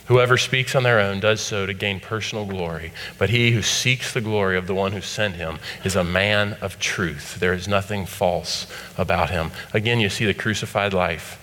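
A middle-aged man delivers a sermon from the pulpit of a church sanctuary. His voice is bright and forward, easygoing in the asides and lifting with force on the quoted scripture. A long hall reverb trails each phrase. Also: low voice, moderate pace, hardly any pauses, a little hiss or hum. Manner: conversational preaching, rising to emphatic scripture quotes. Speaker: pastor.

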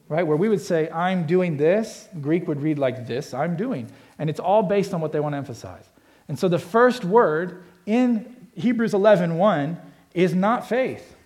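A middle-aged pastor preaching in an earnest, conversational way, his voice sitting a touch high for a man. He talks like a friend, doubling back on his words. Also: a little mellow. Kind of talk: sermon.

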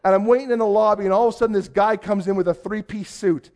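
High-voiced man telling a sermon story. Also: fast. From Canada. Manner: animated storyteller, acts out quoted voices. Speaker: youth pastor.

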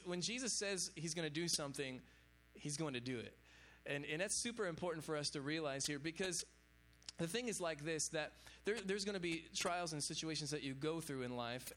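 Guy pastor preaching casual to college kids, kinda high voice, lots of "you know what im saying". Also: a little fast, fairly bright tone. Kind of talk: informal sermon to young adults.

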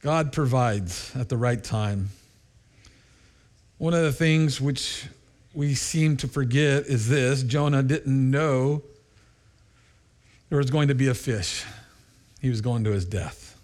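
Guy pastor preaching, middle pitch voice, tells stories real animated, laughs a lot. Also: slow pace, long pauses. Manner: animated storytelling, laughs often, jumps high when acting out voices. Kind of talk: sermon.

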